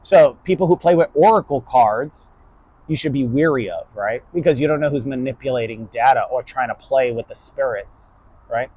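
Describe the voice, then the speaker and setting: A man's voice: medium pitch, moderate pace, darkish tone, highs cut off. A man from New York giving a casual, blunt lecture to his online class, swearing freely and ending nearly every point with "right?". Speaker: online philosophy class host.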